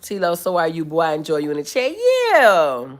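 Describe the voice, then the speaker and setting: A woman with a low-sitting voice talks a little fast while hosting a casual livestream. She chats with viewers, reads their comments aloud, and is animated, laughing and letting out loud whoops.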